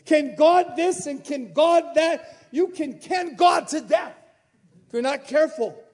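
A man preaching a sermon, firing off rhetorical questions and swinging between loud exclamations and quiet asides. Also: extremely high pitch. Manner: rapid-fire rhetorical questions.

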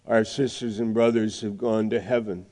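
A middle-aged man preaching a sermon, emphatic, with dramatic pauses and swings from loud to hushed. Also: lowish voice, fairly even intonation.

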